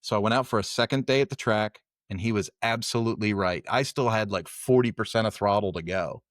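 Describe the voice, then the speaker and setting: Middle-aged guy cohosting a podcast, lowish voice, dry mic, tells stories with quoted dialogue. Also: brisk, dry recording. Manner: storytelling, acts out quoted dialogue. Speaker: podcast co-host. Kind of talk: casual podcast chat.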